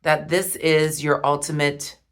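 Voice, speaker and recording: A woman reading tarot cards, talking slowly and softly with heartfelt pauses. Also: low-pitched, level tone. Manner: slow, soft and heartfelt, with pauses. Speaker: tarot reader.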